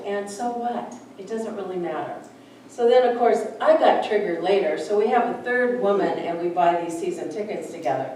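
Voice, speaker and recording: A woman's voice: mid-range voice, a little mellow. Woman minister, conversational sermon, anecdotes, very echoey room, distant mic, faint hiss. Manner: chatty, anecdotal, acts out voices in stories. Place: church sanctuary.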